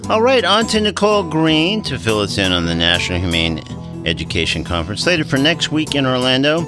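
A man's voice: mid-range voice, big pitch swings, brisk, over music. A man hosting a radio talk show, friendly and meandering, with frequent fillers as he introduces guests and segments.

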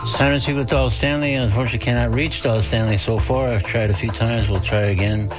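A man's voice: medium pitch, fairly even intonation, fast. A male radio talk show host who speaks in an easygoing way, with many fillers. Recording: music playing behind.

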